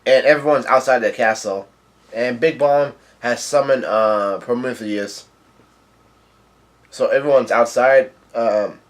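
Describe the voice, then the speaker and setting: A man hosting a casual reading recap of a manga, halting and stumbling over names as he narrates. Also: mid-range voice. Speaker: manga reader and video host.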